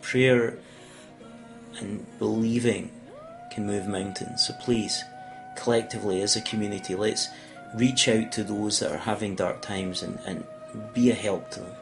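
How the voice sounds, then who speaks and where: A man's voice: fairly low pitch, fairly even intonation, measured pace, vocal fry, music in the background. A Scottish man hosting a podcast, chatting casually and wandering off on tangents. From Scotland. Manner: rambling, goes off on tangents. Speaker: podcast host. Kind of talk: casual conversation. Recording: echoey room.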